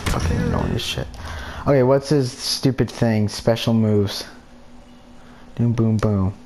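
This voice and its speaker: Gamer guy, exasperated rant over his match, swings up and down a lot, slow delivery, noisy recording. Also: fairly low pitch, wildly swooping pitch, creaky, a little mellow. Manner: frustrated ranting, muttered swearing. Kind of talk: gameplay commentary.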